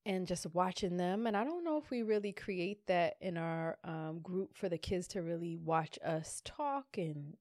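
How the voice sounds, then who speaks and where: A woman co-hosting a casual podcast chat, tipsy, loud and playful, getting animated as she talks. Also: on the low side, unhurried, few pauses, no echo, studio quality. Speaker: podcast co-host.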